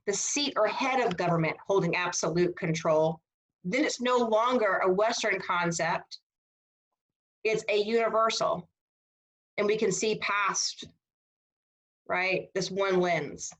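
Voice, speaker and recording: A woman giving a casual, animated history seminar over a video call, checking in with her students. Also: mid-range voice, measured pace, poor audio. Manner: animated, conversational, asks rhetorical "right?". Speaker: history instructor.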